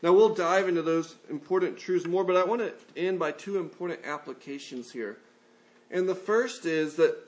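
A male pastor preaching a conversational sermon and acting out the people in his stories. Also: fairly high pitch.

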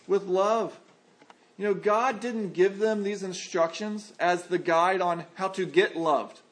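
A pastor delivers a sermon in a fairly high voice. He speaks earnestly and with life, acting out the voices he quotes.

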